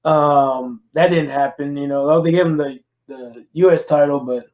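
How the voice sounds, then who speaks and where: A man's voice: fairly high pitch, steady tone, normal speed. A man hosting a casual podcast, rambling through wrestling talk with lots of fillers and swearing. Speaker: podcast host. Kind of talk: casual chat about wrestling. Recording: dull lo-fi sound.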